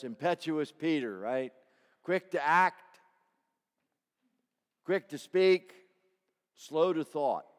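A man preaching a sermon to a congregation, swinging between loud cries and hushed low tones. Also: in a large hall.

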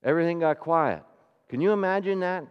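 Guy preaching in a church, kinda high voice, drops to almost a whisper then booms out, long echo, muffled sound. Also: fairly quick, clean tone. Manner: swings from hushed near-whispers to loud ringing declarations; rhetorical questions to the congregation. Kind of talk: sermon. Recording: reverberant hall, dull low-fidelity sound.

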